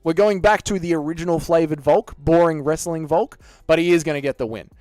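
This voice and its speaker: A man's voice: on the high side, fairly quick, darkish tone, no room sound. An Australian man hosting a casual live stream, bantering and swearing as he reads out chat messages. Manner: profane, joking banter with chat.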